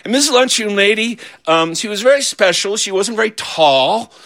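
A man telling a funny childhood story in an animated, playful way, acting out bits as he goes. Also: high-pitched, moderate pace, crowd noise. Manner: animated, playful, with voiced asides. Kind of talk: humorous storytelling.

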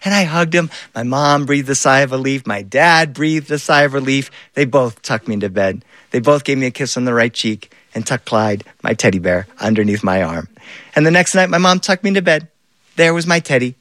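A man telling a personal childhood story in an animated way, with dramatic pauses, in a recording studio. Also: medium pitch, dry recording. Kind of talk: live-style personal storytelling.

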